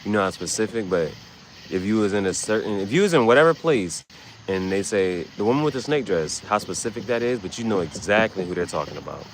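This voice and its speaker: A man hosting a livestream, giving casual, rambling, slangy commentary with sudden loud, excited bursts. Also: lowish voice, fairly quick, slight background noise, low-quality recording. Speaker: livestream host.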